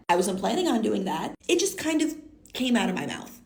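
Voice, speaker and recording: A woman's voice: medium pitch, very animated, brisk. A woman in her thirties with a congested, stuffy nose, telling a story to her phone camera in a chatty, blunt way and swearing freely. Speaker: content creator. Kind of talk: casual storytime vlog. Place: indoors, green-screen setup.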